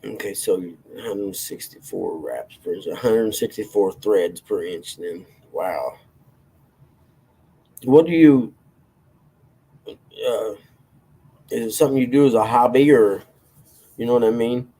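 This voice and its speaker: A man's voice: lowish voice, takes it slowly, long pauses, mellow, breathy edge. A man hosting a livestream, chatting casually with viewers in a rambling, self-deprecating way and chuckling often. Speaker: livestream host reading chat. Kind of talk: casual chat.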